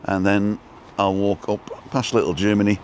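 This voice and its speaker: A man live-streaming as he walks outdoors by the coast, chatty and rambling, a little out of breath from walking briskly. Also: fairly low pitch, level tone, darkish tone, slight background noise. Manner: chatty, rambling, greets viewers by name. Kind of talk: casual walk-and-talk live stream.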